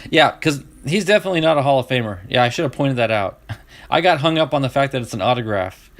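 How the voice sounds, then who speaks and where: A man's voice: mid-range voice, animated, quick pace. Chatty Southern man opening cards. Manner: chatty, laughs easily, restarts and trails off. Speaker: card-breaking streamer. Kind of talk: casual chat.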